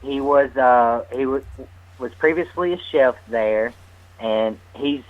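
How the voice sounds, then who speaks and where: A man telling an animated, laughing story as a guest on a radio talk show. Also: medium pitch, takes it slowly, phone-quality sound. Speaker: guest medium's partner.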